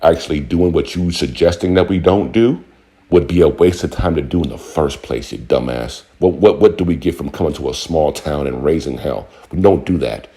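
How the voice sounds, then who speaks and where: A man's voice: a bass voice, moderate pace, warm tone. A man ranting angrily and profanely to his audience, mocking the people he argues with. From Buffalo, New York. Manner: heated and profane, mocking quoted voices. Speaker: vlogger. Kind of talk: angry rant to camera.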